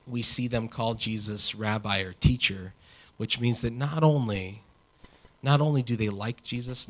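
A man preaching a sermon in a conversational, animated way, with casual asides. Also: lowish voice. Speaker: pastor.

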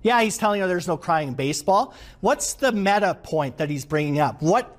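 A man giving an interactive leadership workshop to a live audience, animated and quizzing the room. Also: high-pitched, moderate pace. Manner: animated, asks the audience questions.

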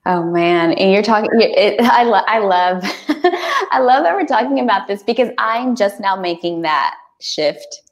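A woman guest on a podcast, chatting casually and animatedly, with frequent restarts. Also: medium pitch. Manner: animated, talks fast with many restarts.

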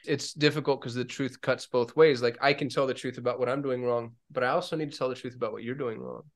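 A man, a guest on a podcast, speaking candidly in casual conversation and growing animated when he tells stories. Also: medium pitch, quick pace. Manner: candid, animated when telling stories, voices other people.

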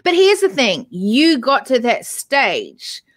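A woman's voice: sits high, very animated, takes it slowly. A woman hosting a podcast, giving affirming interjections and teasing playfully. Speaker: podcast host. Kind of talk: supportive interview listening.

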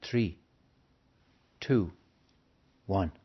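A man voicing a soft, friendly alien that calmly counts down to a landing, on a dull lo-fi recording. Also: low voice, very slow, slightly rough, exaggerated voice. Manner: calm countdown.

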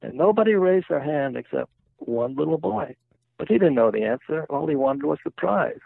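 A man's voice: a little high, very animated, normal speed, gravelly, husky, dry recording. An older retired man telling jokes and stories in a chatty interview. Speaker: guest, retired volunteer museum-ship guide. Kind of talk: casual interview storytelling. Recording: tinny phone-like line, dry.

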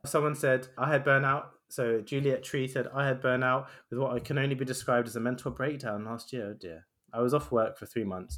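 Man, podcast co-host, thoughtful, halting, casual chat, mid-pitched. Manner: thoughtful, halting, restarts sentences.

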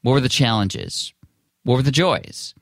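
A man's voice: mid-range voice, animated, a little slow, a bit bright, no room sound, studio quality. A man hosting a podcast, reading an ad and introducing a guest in an upbeat, enthusiastic, conversational way. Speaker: podcast host. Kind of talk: casual podcast intro and ad read.

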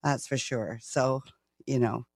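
A woman in her sixties with a Canadian accent talks in a chatty, self-deprecating way, laughing often. Her voice has a gravelly edge. The recording is dry and close. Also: a bass voice, fairly even intonation, slow, no echo. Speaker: guest. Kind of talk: casual interview chat.

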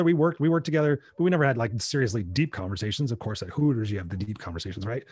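A man's voice: medium pitch, very fast, few pauses, darkish tone, husky, no room sound, studio quality. A middle-aged American man telling a personal story in conversation, animatedly acting out his own past dialogue. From United States. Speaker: interview guest.

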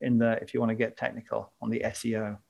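A man's voice: mid-range voice, flat delivery, fast talker, vocal fry, a little mellow, lo-fi sound. A man co-hosting a casual live podcast chat, joking and rambling and laughing often. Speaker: podcast co-host.

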